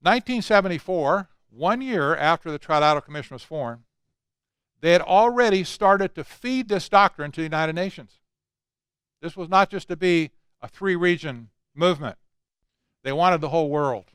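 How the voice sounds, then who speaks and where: An older man lectures to a room with emphatic, conversational delivery, slipping in asides along the way. His voice sits a bit high and comes across smooth and clear, with a dry, close sound. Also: animated, moderate pace, a bit bright, dry recording. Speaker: conference speaker. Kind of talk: lecture talk.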